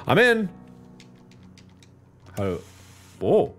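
A man commentating a video game playthrough in a goofy, taunting way, swinging between loud shouts and mutters. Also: on the high side, sing-song, measured pace, pauses often, soft background music. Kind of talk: let's play commentary.

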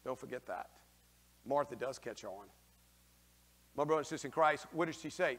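A male priest giving a lively, folksy homily, taking questions from the congregation and acting out the figures in raised voices. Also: mid-range voice, moderate pace, long reverb tail. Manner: folksy, slangy asides. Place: church.

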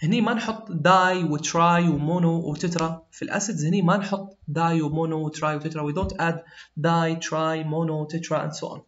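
A man with a high voice teaches chemistry, walking through each step and pausing to ask "okay?". He moves back and forth between English and Arabic as he explains. The sound is roomy and a little dull. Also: fairly even intonation, a bit bright. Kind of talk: classroom lesson mixing English and Arabic.

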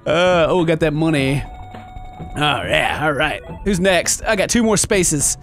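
A man commentating on a game, giggling constantly and swinging into mock-dramatic outbursts. His voice leaps all over the place, bright and forceful in tone, with faint game music playing underneath. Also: a little high, animated, a little slow. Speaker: gaming YouTuber. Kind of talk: gameplay commentary.

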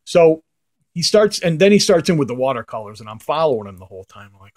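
A man's voice: a little high, very animated, fast talker, a little mellow. A middle-aged man, a comic art collector, casually telling a rambling anecdote to the camera, his voice trailing off into mutters at the ends of phrases.

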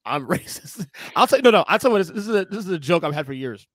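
A man with a bright, forceful voice trades teasing banter as a podcast guest, laughing often. The mic sound is close and dry. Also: high voice, big pitch swings, rapid-fire, dry recording.

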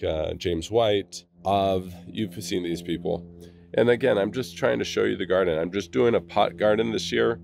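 Low gravelly congested man vlogging. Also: darkish tone, a little hiss or hum. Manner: rambling, enthusiastic, many restarts. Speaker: gardening channel host. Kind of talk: casual garden vlog.

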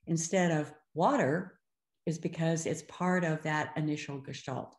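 A woman's voice: sits low, unhurried, a little mellow. An older woman giving a webinar lecture as a speech-language clinician, talking expressively and slipping into other voices when she quotes children and parents. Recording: roomy echo.

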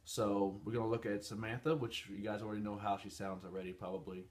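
A man's voice: lowish voice, flat delivery, fast. A man hosting a casual tech review, chatty and rambling with fillers as he talks through phone settings. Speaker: channel host.

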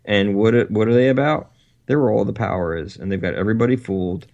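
A man co-hosting a talk radio show, chatting casually in a rambling, animated way and laughing between points. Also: fairly low pitch, quick pace, lo-fi sound. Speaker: co-host.

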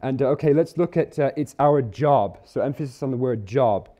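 A man preaching a sermon at church, earnest and conversational, slowing down to stress key words. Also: medium pitch, warm tone, dull audio. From Isle of Man or UK. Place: church hall.

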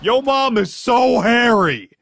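High bouncy guy telling cartoon jokes, gravelly edge, music behind. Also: slow, shouting, very noisy. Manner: animated, jokey, exclaiming. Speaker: cartoon narrator and main character. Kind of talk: animated comedy narration.

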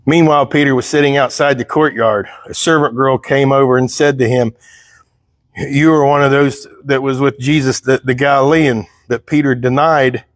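A man's voice: mid-range voice, fairly even intonation, moderate pace, no room sound, studio quality. A man preaching a sermon, reading scripture aloud and explaining it in a conversational way, with questions to the congregation. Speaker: pastor. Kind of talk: sermon, Bible teaching. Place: church.

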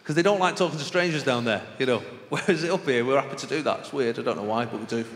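A man's voice: medium pitch, quick pace. A man with a northern English accent, doing a chatty stand-up comedy routine on a theatre stage. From northern England. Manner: chatty, conversational, frequent "right?" asides. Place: theatre stage with live audience. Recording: roomy live theatre recording with audience noise.

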